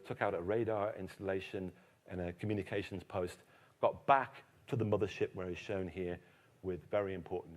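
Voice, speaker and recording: Animated man giving a history lecture. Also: deep voice. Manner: animated storyteller, emphatic. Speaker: keynote speaker, historian. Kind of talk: public lecture.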